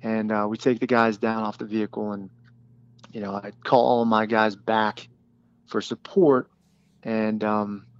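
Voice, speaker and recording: A man who was a detachment commander, recounting a battle in plain, halting speech with many fillers and restarts. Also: fairly low pitch, little pitch movement, clear, resonant tone, no echo, lo-fi sound. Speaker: former special forces detachment commander. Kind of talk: recounting a combat story in an interview.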